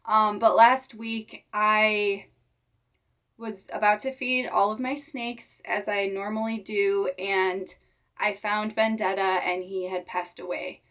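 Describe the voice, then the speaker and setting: A young woman hosting her reptile channel, talking to viewers in a halting voice while holding back tears. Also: mid-range voice, fairly even intonation, a bit bright, far from the mic. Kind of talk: emotional vlog talk to viewers.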